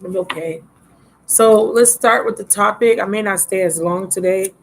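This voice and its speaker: A woman's voice: medium pitch, moderate pace, slight background noise, rough recording. A woman giving a casual live tarot reading, chatty and affectionate with viewers, a little drowsy, recorded on a laptop mic. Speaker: tarot reader. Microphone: laptop microphone.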